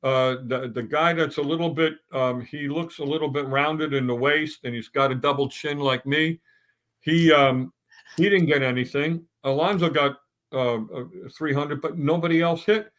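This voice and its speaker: A man's voice: a little high, normal speed, a bit bright. Blunt, fired-up man ranting about baseball. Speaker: sports talk panelist. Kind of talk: opinionated sports talk.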